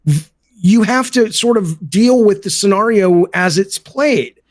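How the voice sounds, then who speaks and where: A man's voice: sits high, lively intonation, a little slow, no room sound. Blunt, emphatic middle-aged man. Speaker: podcast guest, game developer. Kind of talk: casual podcast chat.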